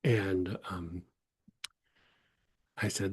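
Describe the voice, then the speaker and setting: A man casually telling a personal story, rambling with many restarts and animated retold dialogue. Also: low-pitched, takes it slowly, pauses often, slightly rough. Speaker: host.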